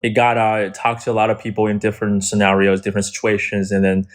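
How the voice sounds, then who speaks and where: Hesitant Chinese man, low voice. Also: monotone, fast talker. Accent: Chinese-accented North American English. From China. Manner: thoughtful, hesitant, with many fillers and restarts. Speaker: livestream guest.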